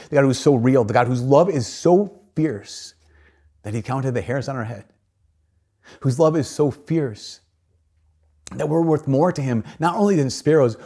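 A man's voice: medium pitch, a little mellow. A man, a priest, giving a homily in an earnest storytelling manner, with shifting emphasis.

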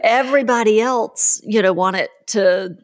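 A woman's voice: medium pitch, unhurried. A woman podcast host and parenting author, chatting and telling stories, playfully quoting others along the way. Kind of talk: casual podcast chat.

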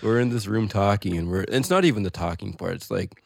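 Podcast co-host, young adult man, deep voice, reflective and jokey, dry studio sound. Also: a little fast, gravelly, no echo. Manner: self-deprecating, musing, laughs often. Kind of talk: casual chat. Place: small recording room. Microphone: headphones and studio mic.

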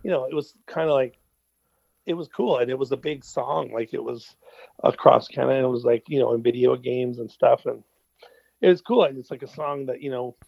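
A man's voice: medium pitch, fairly quick, vocal fry, no room sound. Rambling middle-aged man, swearing casually. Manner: rambling, heavy on fillers and swearing. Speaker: musician guest. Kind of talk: casual interview storytelling. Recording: dull lo-fi sound.

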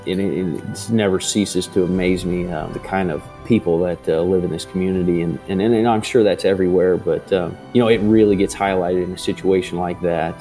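A man with a deep, mellow voice tells his story in a halting, hesitant way, full of fillers and restarts. He sounds like a father in his thirties speaking in an interview. Soft music plays faintly beneath him. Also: fairly even intonation. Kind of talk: interview testimony.

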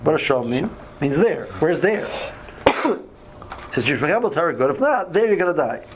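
A man's voice: fairly high pitch, sing-song, moderate pace, slight background noise, rough recording. A man leading a casual Torah study class, often stumbling over and repeating words, reading Hebrew verses aloud and then explaining them.

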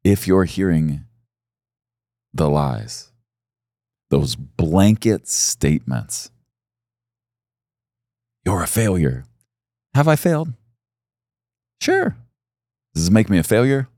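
Slow, deep-voiced preaching man. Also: sing-song, dark tone, no room sound, studio quality. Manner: intimate, earnest preaching that swells to emphatic peaks. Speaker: pastor. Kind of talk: sermon.

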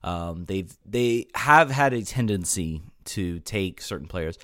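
A man hosting a casual sports podcast, animated and quick to laugh, often repeating himself as he talks. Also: deep voice, dry recording, clean studio sound. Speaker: podcast host.

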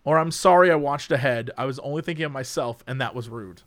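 A man's voice: mid-range voice, fast talker, fairly bright tone, no room sound. A young man hosting a casual chat, reading quiz questions aloud and joking about the answers, with some swearing. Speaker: host.

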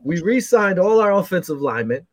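A man giving opinions on a podcast in animated casual chat over a video call. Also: high voice, brisk, no echo, low-quality recording. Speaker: podcast guest.

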